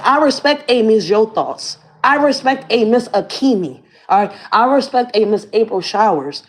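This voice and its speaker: A woman vlogging as a community activist, ranting to the camera in blunt, profane slang. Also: mid-range voice. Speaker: community activist and channel host. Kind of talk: casual rant to camera.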